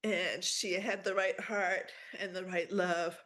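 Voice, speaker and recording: A middle-aged woman giving a heartfelt personal remembrance over a video call, halting and pausing often. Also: fairly low pitch, level tone, sharp tone. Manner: halting, with many pauses and fillers. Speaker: memorial speaker.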